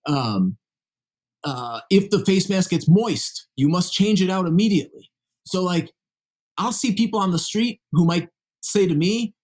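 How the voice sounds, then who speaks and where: Guest author, male, slightly high and husky, earnest explainer. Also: animated, normal speed, darkish tone. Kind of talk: conversational interview.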